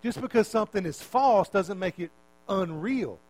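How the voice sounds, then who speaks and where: A man's voice: high-pitched, lively intonation, normal speed, a little mellow, poor audio. A male preacher giving a conversational sermon, often repeating words and putting questions to his listeners.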